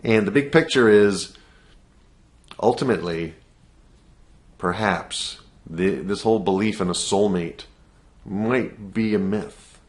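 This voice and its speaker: A man's voice: lowish voice, slow, pauses often. A middle-aged man, a personal mastery coach, talking earnestly in a casual motivational monologue and repeating coaching questions.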